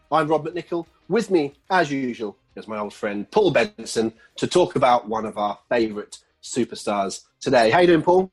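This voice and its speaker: A man's voice: medium pitch, lively intonation, normal speed, few pauses, husky, faint music behind, poor audio. A man hosting a casual podcast, chatty and self-mocking, with rambling asides. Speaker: podcast host.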